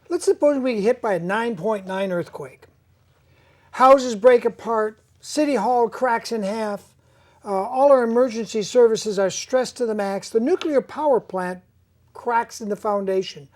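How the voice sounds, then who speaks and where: A woman hosting an interview in casual chat, animated and talking through long what-if scenarios. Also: on the high side, measured pace.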